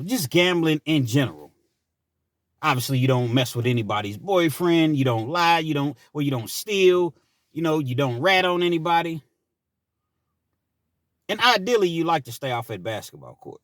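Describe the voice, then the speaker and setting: A man's voice: medium pitch, lively intonation, normal speed, fairly bright tone, no echo, studio quality. A man hosting his own channel, telling a personal story in a chatty, rambling way with asides. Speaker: channel host. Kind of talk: casual storytelling monologue.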